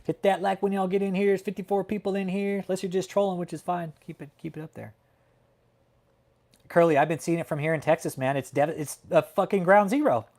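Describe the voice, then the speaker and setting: A man's voice: high-pitched, fairly even intonation, fairly quick, darkish tone. A man from California hosting a casual livestream chat, talking in a heated, profane, emphatic way and often tacking on "man". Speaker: livestream host. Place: home in Texas.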